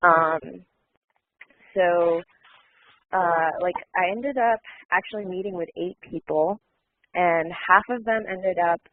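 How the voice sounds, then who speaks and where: A woman in casual chat on a call, relaxed and saying "like" a lot. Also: on the low side, slight background noise. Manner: relaxed, filler-heavy, says "like" often. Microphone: call audio. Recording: thin phone-like dry call audio.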